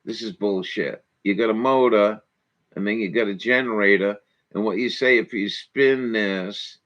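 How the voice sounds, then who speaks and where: A man's voice: on the low side, normal speed, fairly bright tone, dull audio. A man hosting a morning show, reacting to videos in casual chat with a crude, swearing, folksy way of talking. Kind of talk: casual commentary over videos.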